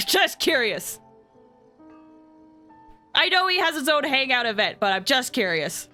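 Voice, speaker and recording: Bright, chatty woman streamer. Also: high voice, big pitch swings, a little slow, long pauses. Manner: chatty, rambling, scattered. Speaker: game streamer. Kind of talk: casual commentary. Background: game music.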